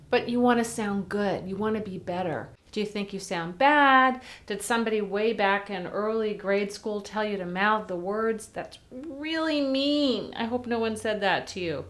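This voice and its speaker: A woman voice teacher giving a chatty singing lesson, breaking into sung warm-up vowels to demonstrate. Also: medium pitch. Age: older. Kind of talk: vocal lesson to camera.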